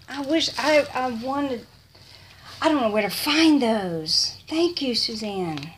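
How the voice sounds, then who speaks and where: A middle-aged woman, chatting softly and gushing, often in a whisper, while opening a gift box at home. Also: on the high side, expressive, takes it slowly, slight background noise. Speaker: vlogger. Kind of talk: casual unboxing chat. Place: home, indoors.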